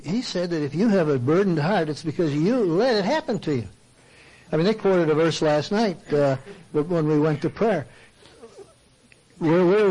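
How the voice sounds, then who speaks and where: Older guy preaching, fairly high voice, talks to the crowd with lots of questions and mock objections. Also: a little mellow, poor audio. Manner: conversational, rhetorical questions, mimics objections. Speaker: Christian speaker and counselor. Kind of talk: sermon talk.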